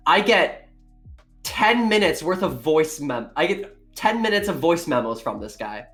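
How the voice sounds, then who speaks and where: A woman guest in casual chat, telling an animated story, swearing freely and acting out quotes. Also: low-pitched, a little slow, faint music behind.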